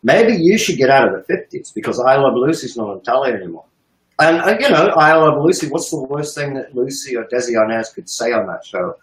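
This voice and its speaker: A man ranting profanely and emphatically about politics on a live stream, with sharp swings in pitch. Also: very animated, a little fast, reverberant, poor audio. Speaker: economic analyst on a live stream.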